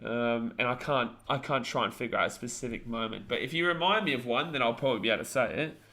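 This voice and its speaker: A man's voice: mid-range voice, fast talker, pushed and bright. A man in his twenties hosting a casual sports chat stream, reading viewer comments and giving blunt, rambling opinions. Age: 20s.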